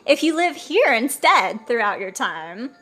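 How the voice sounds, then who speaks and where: A woman's voice: a little high, sing-song, measured pace, sharp tone, faint music behind, heavily acted. Give me a woman voicing an angry mafia boss in a plain, casual read. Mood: threatening. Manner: casual paraphrased threats.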